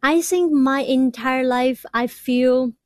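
A woman speaks slowly and thoughtfully, repeating words as she stutters. Her voice sits fairly high, and the recording is dry and close. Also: darkish tone, no echo. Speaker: guest, doctoral student. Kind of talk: interview conversation.

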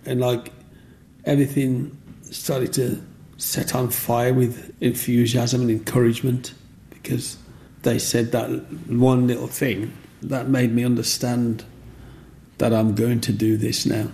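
Gravelly older man. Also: medium pitch, unhurried. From Black Country, England. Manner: lively, acts out voices in his stories. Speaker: interviewee. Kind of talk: animated personal storytelling.

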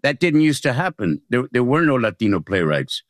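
A man's voice: mid-range voice, very animated, no echo, clean studio sound. Reflective older male playwright. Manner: reflective, measured, with halting restarts. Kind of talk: reflective interview answers.

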